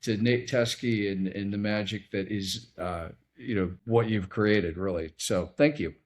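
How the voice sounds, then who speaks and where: A man's voice: fairly low pitch, measured pace. A man hosting a podcast interview, speaking with enthusiasm and appreciation. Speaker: podcast host. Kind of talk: interview host wrap-up.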